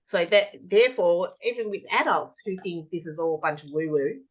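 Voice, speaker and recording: Lady tapping coach explaining stuff, lively storyteller, kinda low voice. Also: moderate pace, lo-fi sound. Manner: animated storyteller, acts out children's replies. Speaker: EFT tapping practitioner, guest. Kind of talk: conversational explanation.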